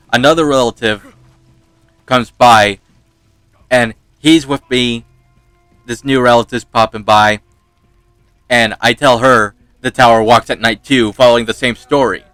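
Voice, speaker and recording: A man's voice: mid-range voice, sharp tone, smooth, no room sound. A man hosting a gaming video, telling a rambling, self-mocking personal story and laughing often. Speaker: gaming channel host. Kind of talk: casual storytelling over gameplay.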